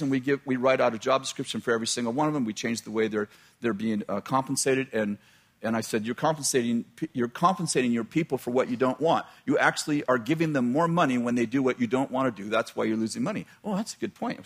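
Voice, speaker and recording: A man's voice: medium pitch, quick pace. A middle-aged man, a pastor, telling a personal story in a sermon, chatty and laughing at his own jokes, often breaking off mid-sentence.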